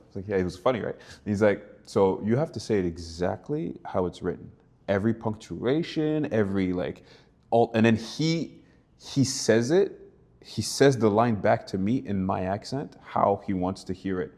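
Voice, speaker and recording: A young man from Canada, an actor guest in a casual interview, telling animated stories and acting out quotes with laughs. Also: lowish voice, normal speed.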